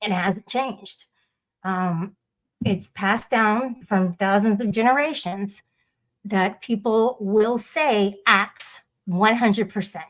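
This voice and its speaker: A woman's voice: mid-range voice, slow. A woman hosting a casual livestream, rambling and swearing as she talks back to her viewers' chat. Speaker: livestream host.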